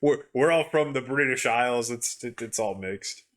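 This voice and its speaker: A man's voice: mid-range voice, normal speed. Young man in loose, rambling podcast chat. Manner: rambling, repeats words when starting sentences. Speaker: podcast co-host. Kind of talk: casual chat.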